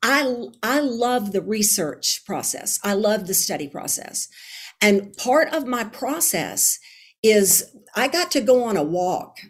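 A woman's voice: mid-range voice, very animated, slow pace, breathy edge. A woman Bible teacher and speaker talking as a podcast guest in an earnest, emphatic way, often repeating and restarting her phrases. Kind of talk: casual interview conversation.

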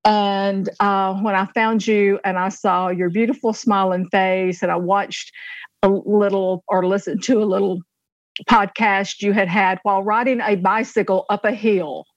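A woman's voice: mid-range voice, fairly even intonation, measured pace, dry recording. Gushing woman guest on a dull line. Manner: gushing with praise. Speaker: podcast guest. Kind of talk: casual podcast conversation.

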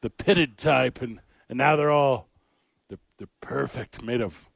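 A man's voice: medium pitch, a little slow, gravelly, husky, dry recording. Jokey male sports radio host. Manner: jokey, rambling, playful. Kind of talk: casual sports talk banter.

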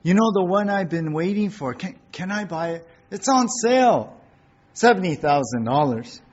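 A man's voice: high voice, animated, normal speed, breathy edge. Brief: a man doing a raised, gushing wife on the phone, stammering, dull lo-fi sound. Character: excited wife shopping on the phone.

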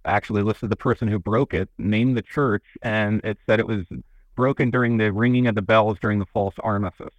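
A man's voice: lowish voice, fairly even intonation, fairly quick, dry recording, highs cut off. A man being interviewed on a radio show about a local museum, telling its stories in a folksy, rambling way with many restarts. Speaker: museum representative. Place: radio studio. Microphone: studio microphone.

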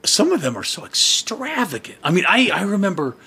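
A man's voice: high voice, huge pitch swings, a little fast, bright, forceful tone, breathy edge. A man in a casual chat, joking and telling anecdotes. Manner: chatty, joking.

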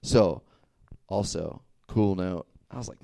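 A young man preaches in an easy, conversational way, acting out the back-and-forth of stories and checking in with "right?" after his points. His voice sits low and deep. The sound is dry and close, with no room echo. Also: normal speed. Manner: animated storytelling, acts out dialogue, frequent "right?" and "okay?". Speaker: youth preacher. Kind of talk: casual sermon.

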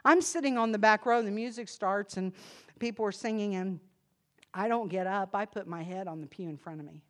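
A woman preaching a sermon, impassioned, swinging from hushed confession to loud emphasis. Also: medium pitch, brisk. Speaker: church speaker.

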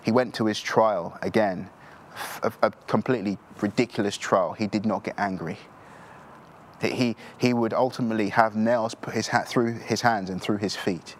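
A male preacher with a lowish voice delivers an earnest sermon, circling back over his points and stumbling into repeated restarts. Faint noise sits under the recording. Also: fairly even intonation, moderate pace.

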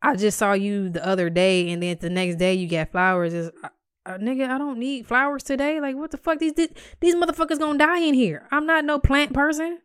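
A woman's voice: sits high, brisk, a bit bright, no room sound, studio quality. Blunt, profane young woman telling a story. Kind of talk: casual storytelling.

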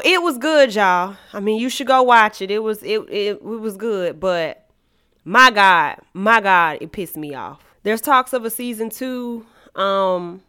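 A woman hosting a podcast, ranting about a TV show in a profane, dramatic way, swinging from shouting to low asides. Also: clear, resonant tone. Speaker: podcast host reviewing a TV show. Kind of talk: animated comedic rant.

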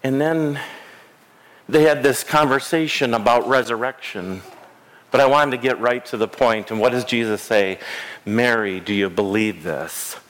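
A man preaching a sermon in a church, telling the stories slowly with dramatic pauses. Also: mid-range voice, a bit bright. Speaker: pastor. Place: church sanctuary.

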